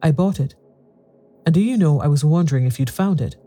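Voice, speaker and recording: A man voicing a brisk, cheerful woman who insists on buying a missing plate, speaking a little higher than his own voice. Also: mellow, close to an everyday voice. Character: brisk, cheerful middle-aged woman visitor.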